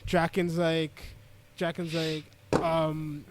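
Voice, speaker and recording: A man's voice: fairly high pitch, slow pace, background noise. A young man co-hosting a podcast, recapping an anime casually and acting out the characters' lines as he goes. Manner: animated, acts out characters' lines mid-recap. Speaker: podcast co-host.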